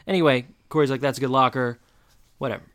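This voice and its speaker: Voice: mid-range voice, steady tone, fast, a bit bright. A podcast co-host recapping a TV episode in casual chat, with dry conversational asides.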